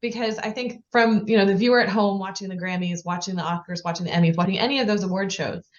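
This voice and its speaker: A woman hosts a podcast interview and keeps things moving with encouraging responses and long run-on sentences. Her voice has an average pitch for a woman. The recording sounds slightly dull and lo-fi. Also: steady tone, fast. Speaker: podcast host. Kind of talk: casual interview chat.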